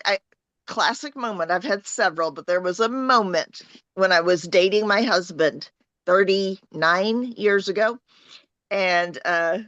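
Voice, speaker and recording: A woman's voice: lowish voice, a bit bright, dry recording, lo-fi sound. A woman in her fifties telling an anecdote as a talk show guest, laughing often. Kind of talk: casual chat.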